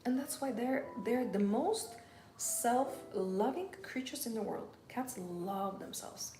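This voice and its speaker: A woman's voice: on the high side, takes it slowly, mellow. A woman giving a live-stream coaching talk in an intimate way, often dropping to a whisper. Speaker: femininity coach. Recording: roomy with background music.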